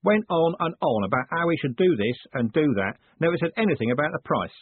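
A man voicing a big, hot-tempered coachman who talks gruffly and blusters. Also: on the high side, expressive, fairly quick, dry recording, voice pushed up. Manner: gruff, blustering, working-class. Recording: phone-like dry audiobook sound.

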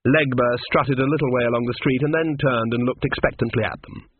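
A man narrating an audiobook in a steady, wry storytelling manner. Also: medium pitch, fairly quick, breathy edge, no echo. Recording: tinny phone-like dry sound.

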